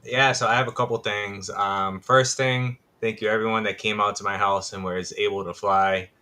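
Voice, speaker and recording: A middle-aged man guest on a live stream, speaking earnestly with some pauses. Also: fairly low pitch, fairly even intonation, sharp tone. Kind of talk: casual chat.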